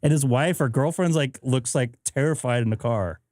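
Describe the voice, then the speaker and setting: A man's voice: mid-range voice, normal speed, a little mellow, dry recording, clean studio sound. A man hosting a live stream, chatting casually and acting out both sides of a story. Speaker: host. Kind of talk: casual chat. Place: home radio shack.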